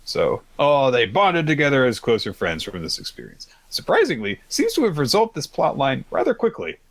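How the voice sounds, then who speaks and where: A man co-hosting a podcast, casually recapping manga chapters, rambling and acting out characters' lines in quick pitched-up quotes. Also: wildly swooping pitch, gravelly, no echo. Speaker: podcast co-host.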